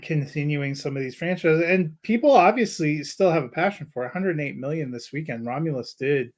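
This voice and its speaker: A man co-hosting a movie review podcast, talking in a relaxed, rambling way with many fillers as he wraps up the episode. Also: on the high side, fairly quick. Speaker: podcast co-host. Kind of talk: casual movie review chat.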